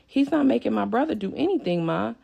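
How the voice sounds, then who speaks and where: An aggrieved teen girl listing her chores, played by a woman, with a slightly raised, whiny pitch and a gravelly edge. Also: lively intonation, fairly quick, warm tone, full character voice. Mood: complaining. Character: upset young teen daughter complaining.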